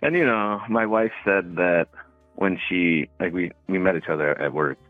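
A man, his voice very deep and thin like a tinny phone line. He tells stories in an easygoing way, padded with fillers. The sound is dry and close. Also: normal speed, no echo, soft background music. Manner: laid-back storytelling with filler words. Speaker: caller. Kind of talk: casual phone call.

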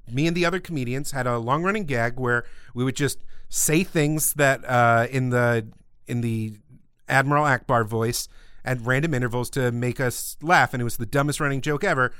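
A man's voice: mid-range voice, normal speed, clean tone, dry recording, studio quality. A man co-hosting a podcast, telling stories in a loose, joking way, often laughing and acting out quotes. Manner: animated storyteller, laughs often, acts out quotes. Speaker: podcast co-host. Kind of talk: casual comedic chat.

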